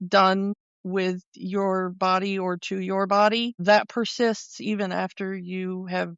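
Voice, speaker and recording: Smooth-voiced woman podcaster. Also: medium pitch, flat delivery, slow, no echo, dull audio. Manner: chatty, recounts scenes by acting out lines. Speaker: podcast co-host. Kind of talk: casual chat.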